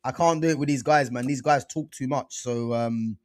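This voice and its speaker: This podcast host, a young guy running a relaxed football chat show, speaks in a mid-range voice at normal speed, with no room sound. He keeps things loose and slangy, throwing in "man" and "bro" constantly.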